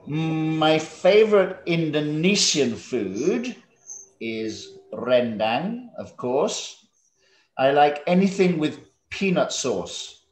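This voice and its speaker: A man's voice: fairly high pitch, very animated, slow. London guy in his 50s teaching kids english on a call, jokey, super echoey room. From England. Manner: friendly, joking, draws students out with questions. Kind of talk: online class lesson. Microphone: video call.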